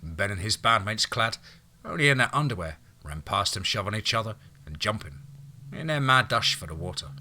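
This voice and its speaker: A man reading a story aloud as an audiobook narrator, in a measured, even way. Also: fairly low pitch, a little hiss or hum.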